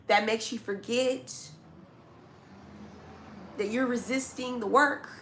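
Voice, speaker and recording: A woman's voice: fairly high pitch, pushed and bright, a little hiss or hum. Blunt woman giving a tarot reading. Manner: blunt, scolding, talks straight to the listener; casual slang, repeats points for emphasis. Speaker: tarot reader. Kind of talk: zodiac tarot reading to camera.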